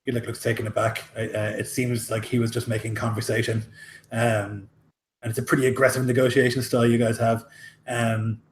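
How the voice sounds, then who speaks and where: Game master, casual and filler-heavy, echoey room with faint noise. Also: male voice, mid-range voice, level tone, brisk. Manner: casual, full of fillers like 'uh' and 'like'. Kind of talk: narrating a tabletop game.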